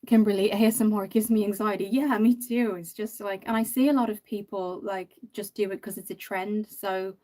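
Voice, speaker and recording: On a makeup livestream, a woman chats through viewer comments with a steady, dark, medium-pitched voice at normal speed. She barely pauses, rambling along with frequent ums and "you know."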